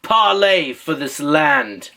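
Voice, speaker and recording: A man's voice: fairly high pitch, expressive, takes it slowly, pushed and bright, heavily acted. A man voicing an arrogant, boastful enemy king who taunts and challenges in a raised voice. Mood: mocking.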